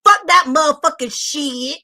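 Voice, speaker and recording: A woman voicing a loud, furious single mother who shouts, curses and repeats herself while ranting defensively. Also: sits high, animated, unhurried, heavily acted. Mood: angry ranting. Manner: shouting, cursing, repetitive ranting. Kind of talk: comedic rant impression.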